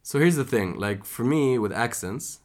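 A man from Egypt co-hosting a casual podcast, animated and chatty. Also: mid-range voice, moderate pace. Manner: animated, chatty, laughs easily. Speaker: podcast co-host.

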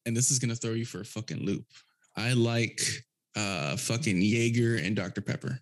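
A man's voice: lowish voice, moderate pace. Laid-back, profane young man. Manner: profane, laid-back, rambling with frequent fillers. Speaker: podcast guest. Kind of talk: casual chat.

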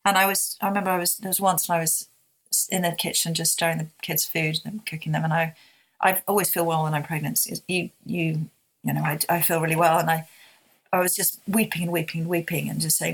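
Heartfelt woman recounting, halting. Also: fairly low pitch, fairly even intonation, creaky, husky. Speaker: interview guest, author. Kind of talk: candid interview.

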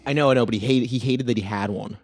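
A man talks quickly and easily as a podcast co-host, reading out facts as he finds them. His voice is middling in pitch and sits dry and close to the mic. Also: no echo. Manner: quick, easygoing, looks things up. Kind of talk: casual chat.

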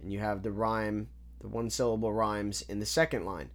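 A man's voice: lowish voice, little pitch movement, normal speed. Guy going over rap bars one by one, picky, keeps circling back and restarting. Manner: analytical, repeats points, restarts often. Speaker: music reviewer. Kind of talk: casual breakdown of rap lyrics.

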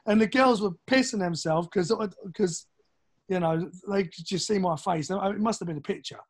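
Lively East London storyteller man. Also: high voice, normal speed, husky. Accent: London English. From East London, England. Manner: animated, acts out quoted voices, swears casually. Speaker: podcast guest, drummer. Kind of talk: casual storytelling.

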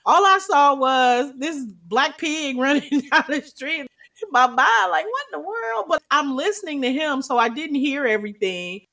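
Bright high-voiced woman telling stories. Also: animated, normal speed. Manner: laughs often while telling funny stories. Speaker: podcast co-host. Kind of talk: casual chat, storytelling.

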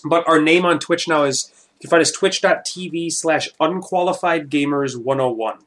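A man hosting a casual podcast, sarcastic and deadpan with his co-host. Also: mid-range voice.

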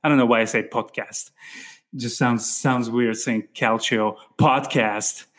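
A man hosting a podcast in a relaxed, casual chat, often calling his guest "man" and "dude". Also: mid-range voice, measured pace. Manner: laid-back, calls the guest "man" and "dude". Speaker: podcast host.

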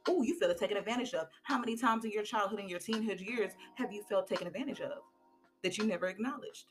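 A woman's voice: medium pitch, fast talker, music in the background. Candid woman preaching self-motivation. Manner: candid, colloquial, preachy storytelling. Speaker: podcast host. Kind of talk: casual motivational talk.

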